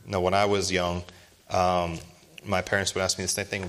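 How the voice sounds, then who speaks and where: Pastor preaching, slightly low male voice, pushes his points hard, keeps asking rhetorical questions. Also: little pitch movement, normal speed, a bit bright. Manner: emphatic, asks rhetorical questions. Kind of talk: sermon.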